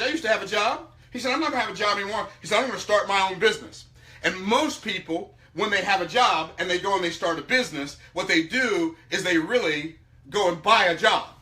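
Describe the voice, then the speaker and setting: A man teaching about money tells an audience a personal story in a high, bright, emphatic voice. He stays animated throughout, swinging between loud outbursts and hushed, low asides.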